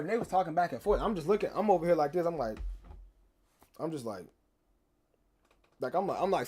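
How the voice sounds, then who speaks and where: A young man streaming to his chat, who tells a story in a rambling, slangy way, loops back on himself and jokes with viewers. His voice sits a little high and swings lively up and down. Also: husky.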